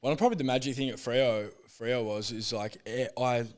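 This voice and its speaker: A man's voice: medium pitch, fairly even intonation, normal speed. A young Australian man, a former footballer, telling stories in casual chat, laid-back, swearing freely and laughing through his anecdotes. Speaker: podcast guest, former footballer.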